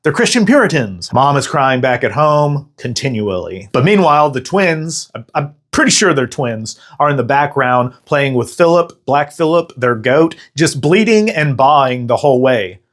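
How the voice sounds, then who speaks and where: A man's voice: mid-range voice, very animated, moderate pace, few pauses, a bit bright. A man hosting a comedic movie recap, narrating the plot with sarcastic jokes. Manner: sarcastic, jokey. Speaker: host.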